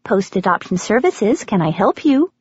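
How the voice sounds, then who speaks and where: A woman voicing a brisk, efficient American woman working as an agency clerk, with a nasal voice and an American accent. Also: medium pitch, very animated, a little mellow, breathy edge, no echo, dull audio. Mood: efficient, chatty.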